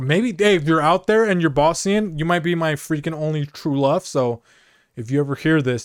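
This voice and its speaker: A man's voice: medium pitch, clear, resonant tone, no room sound. Casual male podcast storyteller from Mexico, rambling comic delivery, dead-dry room. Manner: rambling, peppers talk with "dude" and "you know". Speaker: podcast co-host.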